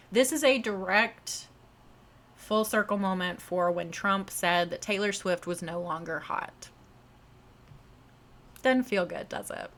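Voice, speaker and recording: Casting note: woman, political commentary host, mid pitch, direct and opinionated. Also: slow pace, long pauses, fairly bright tone. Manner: opinionated, direct asides to listeners. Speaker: podcast host.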